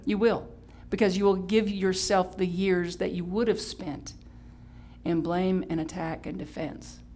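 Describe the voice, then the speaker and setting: A woman pastor preaching a Sunday sermon in a chatty, playful way, breaking into sudden high exclamations and correcting herself as she goes. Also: little pitch movement, unhurried, mellow, a little hiss or hum. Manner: chatty, with restarts and self-correction. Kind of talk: live-streamed Sunday sermon.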